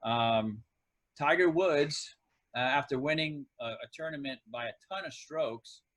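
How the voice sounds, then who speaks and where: A man's voice: on the high side, measured pace, fairly bright tone, rough recording. A middle-aged man and former pro kicker turned coach, a guest in a casual podcast interview, telling long reflective stories from sport. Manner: reflective, tells sports anecdotes at length.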